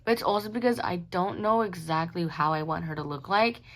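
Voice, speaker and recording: A woman's voice: fairly low pitch, fairly quick. A young adult woman talks casually about her sketchbook, rambling and giggly, sleepy and yawning. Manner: rambling, giggly, self-mocking. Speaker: artist showing her sketchbook. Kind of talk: casual chat.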